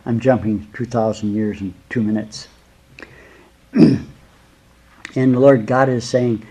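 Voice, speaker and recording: A man, a spiritual teacher giving a slow, rambling talk to his students, whom he calls his beloved. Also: fairly low pitch, steady tone, mellow, slight background noise, rough recording.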